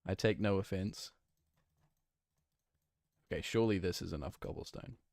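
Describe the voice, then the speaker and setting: A man's voice: deep voice, moderate pace, creaky, a little mellow, no room sound, studio quality. A man from New Zealand with a New Zealand accent, a game streamer chatting casually and rambling playfully, thinking aloud with lots of fillers. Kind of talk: casual chat while playing and reading chat.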